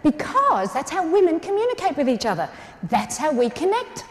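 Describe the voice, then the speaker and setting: A woman's voice: sits high, moderate pace. A woman with an Australian accent giving a playful, comedic motivational keynote in a large hall. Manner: animated, playful, acts out quoted voices. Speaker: keynote speaker. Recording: echoey hall, faint ambience.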